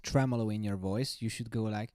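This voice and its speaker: A man's voice: on the low side, brisk, mellow, no room sound, clean studio sound. A man judging beatbox entries on a casual live reaction stream, joking, swearing and laughing often.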